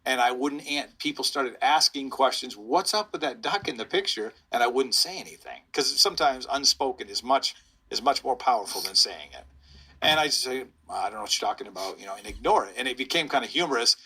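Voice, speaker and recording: Husky, forceful middle-aged police storyteller. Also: male voice, mid-range voice, animated, a little fast. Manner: rambling, chuckling storyteller. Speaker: police officer, public information officer. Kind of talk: anecdotal storytelling in an interview.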